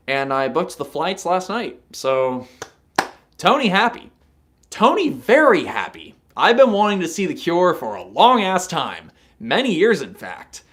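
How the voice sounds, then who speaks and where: Young male streamer, slightly high and animated, casual and profane. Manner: chatty, swears freely, laughs at his own jokes. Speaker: live stream host. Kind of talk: casual live stream chat.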